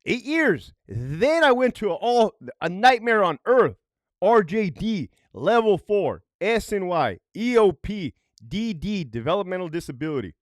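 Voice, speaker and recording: A man's voice: sits high, measured pace, no room sound, clean studio sound. A middle-aged man, a former correctional officer, telling prison stories in a profane, worked-up way and keeps asking "right?". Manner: animated and worked up. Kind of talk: storytime commentary.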